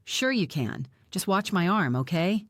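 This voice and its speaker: A woman's voice: fairly low pitch, lively intonation, unhurried, no room sound, studio quality. Woman voicing a stubborn wounded older man. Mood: gentle.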